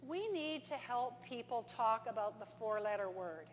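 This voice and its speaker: A woman giving a conference talk, telling stories and acting out dialogue in an animated way. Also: on the high side, a little slow. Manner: animated storyteller, acts out dialogue. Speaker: conference presenter. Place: conference hall. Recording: reverberant hall with faint hum.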